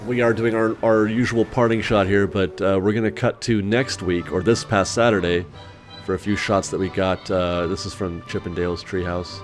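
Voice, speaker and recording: A man hosting a vlog, talking casually over footage with a raspy, hoarse voice and a chatty, rambling manner full of fillers. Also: deep voice, fairly even intonation, moderate pace, faint music behind. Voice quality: raspy, recovering from illness. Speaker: vlog host.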